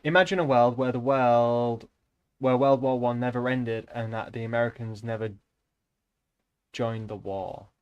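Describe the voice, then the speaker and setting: Young guy rambling to stream chat, offhand, swears a lot, middle pitch. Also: fairly even intonation, unhurried, smooth, lo-fi sound. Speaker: livestreamer. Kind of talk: casual chat with stream viewers.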